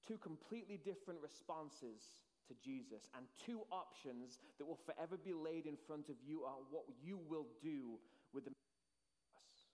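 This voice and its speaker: A man delivers an earnest sermon with dramatic pauses. His voice sits high for a man. The sound rings out with the long reverb of a church hall. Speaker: pastor.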